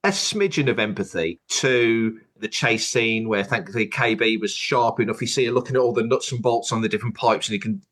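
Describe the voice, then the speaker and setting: A man's voice: medium pitch, brisk, hardly any pauses, a bit bright. A man co-hosting a casual TV reaction chat, talking in a chatty, enthusiastic way with rambling asides. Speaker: podcast co-host.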